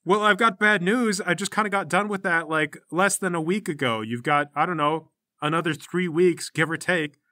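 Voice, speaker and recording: A man's voice: high-pitched, normal speed, pushed and bright, no echo, pitched above the performer's own voice. A man putting on a nervous, stammering teenage girl. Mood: hesitant. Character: wary uneasy teenage girl trying to get away.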